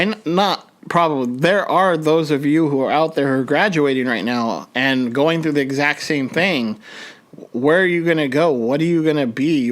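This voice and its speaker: A young man hosts his podcast, recounting a personal story in a rambling, halting way. He restarts often and leans on fillers. His voice sits a little on the higher side. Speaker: podcast host.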